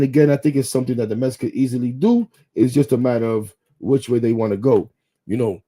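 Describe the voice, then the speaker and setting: A man hosts a live sports talk show as a podcast host, rambling bluntly, swearing casually and speaking directly to his viewers. His voice is mid-range with a dark tone.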